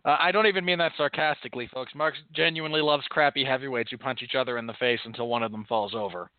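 A man's voice: medium pitch, fast, dry recording. A man co-hosting a casual podcast, talking in a dry, precise, pedantic way as he corrects his co-host. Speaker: podcast co-host and MMA commentator. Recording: tinny phone-like sound, dry.

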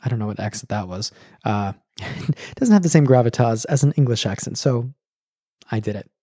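A man's voice: mid-range voice, lively intonation, moderate pace, warm tone, no echo, clean studio sound. Playful American man hosting a podcast. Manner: playful, jokey, punning. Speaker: podcast host.

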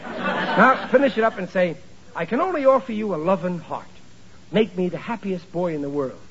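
A blustering, ungrammatical working-class father, his voice high and swinging all over the place. He sounds flustered, and the recording is a muffled old 1940s radio broadcast. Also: lively intonation, normal speed, a bit bright, husky, some chatter behind, full character voice. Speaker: sitcom lead. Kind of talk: 1940s radio sitcom acting.

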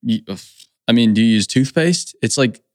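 A man's voice: mid-range voice, normal speed, dry recording, studio quality. A man hosting a casual conversation, enthusiastic and upbeat, often saying "like".

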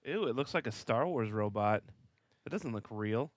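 A man's voice: medium pitch, expressive, normal speed, no echo, clean studio sound. A man, joking around as podcast co-host in casual chat. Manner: joking, wisecracking.

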